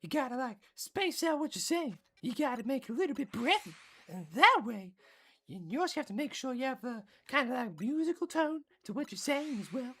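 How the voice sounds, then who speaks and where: A woman's voice: high-pitched, big pitch swings, fairly quick, fairly bright tone, slightly rough, pitched above the performer's own voice, exaggerated voice. A woman voicing a whimsical game character, speaking breathily with a musical, rhythmic lilt and short sentence endings. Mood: coaching.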